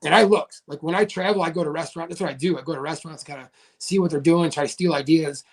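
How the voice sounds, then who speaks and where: A man's voice: a little high, steady tone, fast. A man in his thirties, a podcast guest, telling a story in a casual way with many "like" fillers.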